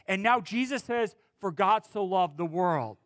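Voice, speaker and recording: Pastor guy preaching slow, high voice, big pauses, goes loud then drops real quiet. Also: lively intonation, no echo, studio quality. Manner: preaching with dramatic pauses and wide swings in pitch and loudness. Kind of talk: sermon.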